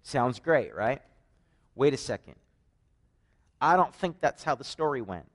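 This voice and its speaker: A man's voice: mid-range voice, measured pace. A man with a Canadian accent preaches a conversational sermon, telling stories with joking asides. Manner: animated storytelling, joking asides.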